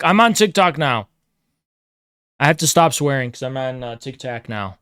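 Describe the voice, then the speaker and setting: A man with a medium-pitched, fairly bright, clear, and resonant voice speaks animatedly at a moderate pace on a livestream. He rants at his chat in an aggressive, profane, repetitive lecturing manner. The recording is dry with clean studio sound.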